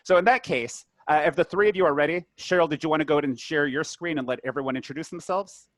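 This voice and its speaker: A man's voice: a little high, quick pace, no echo. A man hosting a webinar on a video call, talking in a casual, chatty way with many fillers. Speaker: community program manager, webinar host.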